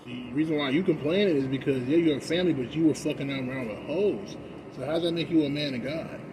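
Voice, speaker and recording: A young man ranting casually while high, profane and rambling, with loud bursts that drop to mumbling. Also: fast talker, background noise. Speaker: vlogger. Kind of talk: casual rant.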